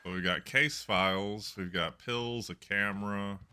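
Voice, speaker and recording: Deep voiced guy reacting on stream, bemused, guessing out loud, bright edgy tone. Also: fairly even intonation, unhurried, clear, resonant tone. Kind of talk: casual reaction commentary.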